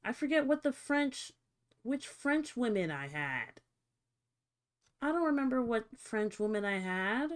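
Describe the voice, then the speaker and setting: A woman streamer chatting casually to her viewers, swearing freely and reacting out loud while she fiddles with settings. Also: fairly high pitch, very animated, a little slow. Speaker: livestreamer. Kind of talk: casual livestream chat.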